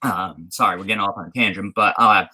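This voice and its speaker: A man's voice: on the low side, fast, sharp tone, poor audio. A man from the United States co-hosting a podcast in casual chat, rambling with many restarts and fillers. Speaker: podcast co-host.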